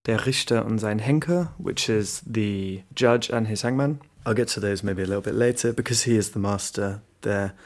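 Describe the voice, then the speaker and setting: Male host, lowish voice, enthusiastic rambling chat about a pet subject. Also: gravelly. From Britain. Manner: chatty and enthusiastic, rambling with restarts. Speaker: book podcast host. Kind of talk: casual monologue.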